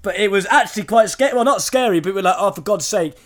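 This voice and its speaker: Young bloke, fairly high voice, animated anecdote with laughs. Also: male voice, fast talker. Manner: animated, laughing storyteller, acts out quotes. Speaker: podcast co-host. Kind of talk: casual storytelling chat.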